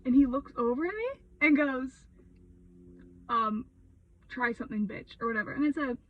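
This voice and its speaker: A young woman vlogger ranting a story in a heated, sweary, expressive way, full of fillers. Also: high-pitched, moderate pace, recorded from a distance, phone-quality sound.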